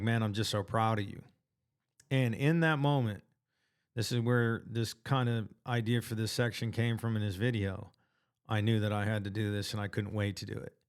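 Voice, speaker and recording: A man's voice: lowish voice, darkish tone, clear, resonant tone. A man vlogging about his weight-loss progress in an earnest, casual motivational monologue, full of slang and restarts.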